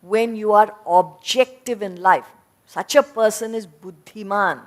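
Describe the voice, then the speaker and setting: A woman giving a lecture on scripture, explaining ideas point by point in a deliberate way. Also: medium pitch. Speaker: spiritual teacher. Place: lecture hall before an audience.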